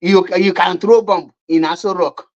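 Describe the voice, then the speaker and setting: A woman's voice: lowish voice, fairly even intonation, normal speed, a little mellow, muffled recording. A woman with a Nigerian accent giving mocking online commentary, scornful and repetitive. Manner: scornful, repetitive, laughing at her opponents.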